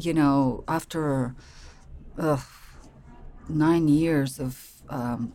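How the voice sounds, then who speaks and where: A middle-aged woman from Portugal with a Portuguese accent, a life coach telling her story as an interview guest with animated, acted-out thoughts. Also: very deep voice, a little hiss or hum. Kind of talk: conversational interview.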